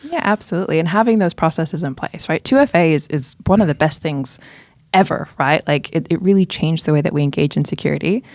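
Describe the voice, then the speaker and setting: A woman, a security expert guest talking in casual podcast chat, animated, with quick bursts of emphasis. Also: low voice, dry recording.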